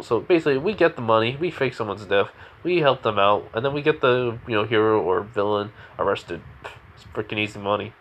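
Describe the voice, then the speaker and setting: Male storyteller making it up as he goes: halting, rambling, lower register. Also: expressive, a bit bright, a little hiss or hum. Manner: rambling, halting, many restarts. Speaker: fan storyteller. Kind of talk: improvised fan story narration.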